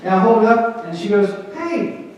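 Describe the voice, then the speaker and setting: A man's voice: high voice, very animated, normal speed, a little mellow. A middle-aged man doing a rambling stand-up set on a small theatre stage, with punchy rises as he lands each bit. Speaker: stand-up comedian and emcee. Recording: echoey hall from far off.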